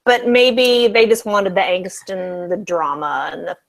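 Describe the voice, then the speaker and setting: A woman co-hosting a casual live chat over a video call, teasing, quick and candid. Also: mid-range voice, fairly even intonation, creaky. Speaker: co-host.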